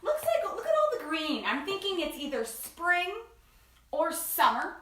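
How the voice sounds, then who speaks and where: A woman's voice: high-pitched, very animated, a little slow, bright, forceful tone, reverberant, far from the mic. A woman hosting a children's story time, talking in a playful, bubbly way to young kids.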